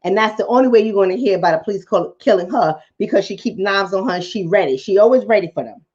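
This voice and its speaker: A woman's voice: medium pitch, lively intonation, fast talker, darkish tone, dull audio. A woman vlogger and coach giving impassioned commentary to her viewers, preaching, repeating lines for emphasis and calling them family.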